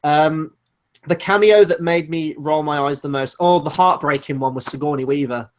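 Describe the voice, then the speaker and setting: Animated, higher-voiced man reviewing films. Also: normal speed, slight background noise. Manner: animated, rambling, sarcastic. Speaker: podcast co-host. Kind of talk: casual film review chat.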